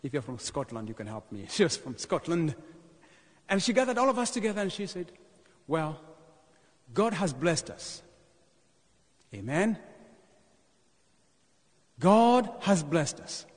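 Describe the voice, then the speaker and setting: A man from Kenya in his thirties gives an animated sermon, retelling his own mission story and drawing in the congregation. His voice sits a little high for a man, and a long church reverb trails behind each phrase. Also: moderate pace, long pauses, slightly rough. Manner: animated testimony, calls to the congregation. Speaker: parish mission speaker.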